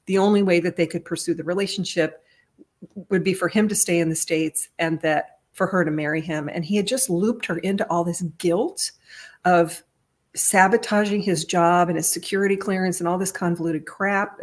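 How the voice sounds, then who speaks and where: Woman with a lowish voice just talking, earnest and rambly, lots of restarts, gets louder at the emotional bits. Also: fairly even intonation, normal speed. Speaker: vlogger retelling a family story. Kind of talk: casual monologue.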